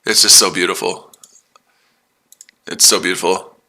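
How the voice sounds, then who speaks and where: A man's voice: low-pitched, fairly even intonation, measured pace, bright, forceful tone. A man hosting a casual trading livestream, talking to his chat in a mocking, repetitive way. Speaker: trading streamer.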